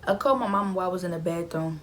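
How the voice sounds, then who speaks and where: A woman's voice: lowish voice, racing. A young adult woman casually telling a personal story to her viewers in a chatty, emphatic way. She often repeats phrases for effect.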